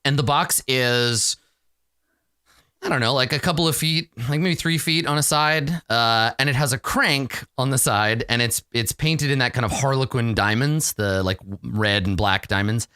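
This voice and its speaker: A man's voice: mid-range voice, normal speed, clear, resonant tone, no echo, studio quality. Giggly male game master narrating. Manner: animated, giggly storytelling.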